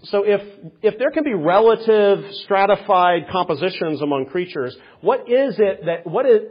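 A man's voice: high voice, slightly rough. A man giving an unscripted theology lecture, discursive and self-correcting, full of rhetorical questions and asides. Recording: dull lo-fi recording.

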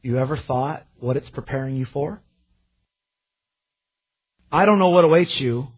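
Earnest husky pastor preaching a sermon. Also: male voice, mid-range voice, unhurried, highs cut off. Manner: earnest, swings from loud pleading to quiet. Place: church.

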